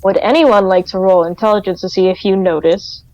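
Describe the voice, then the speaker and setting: A woman narrating as game master of a tabletop game over voice chat, casual and drawn out with pauses. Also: medium pitch, a little mellow, no room sound, highs cut off.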